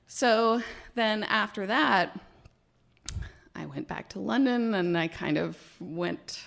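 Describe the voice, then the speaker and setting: A woman biologist telling a personal story live on stage, animated and laughing, with hesitations and fillers. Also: mid-range voice, slow pace, vocal fry.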